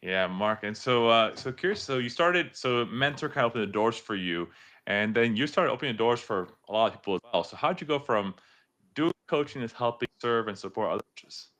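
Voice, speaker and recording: A man's voice: medium pitch, expressive, brisk, a bit bright. A man hosting an interview, who asks easygoing questions padded with fillers. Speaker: podcast host, interviewer. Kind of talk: casual interview talk.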